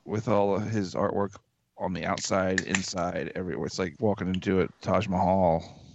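A man's voice: sits low, fairly even intonation, moderate pace, gravelly, background noise. A man co-hosting a podcast in casual chat, loose and easily amazed, swearing freely. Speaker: podcast co-host. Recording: dull lo-fi dry recording.

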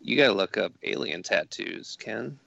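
A man's voice: fairly low pitch, expressive, normal speed, gravelly, a bit bright, no room sound. A man co-hosting a podcast in casual chat, easygoing and teasing. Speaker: podcast co-host. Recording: dull dry lo-fi recording.

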